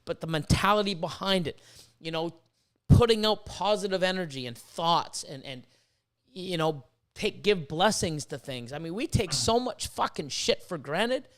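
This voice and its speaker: A man hosting a podcast, chatting casually in a rambling, profane and animated way. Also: high voice, normal speed. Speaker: podcast host.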